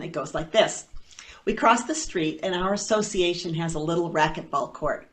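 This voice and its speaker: A woman and foster parent telling a personal story at a storytelling event, animated and playful, with dry asides. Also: on the low side.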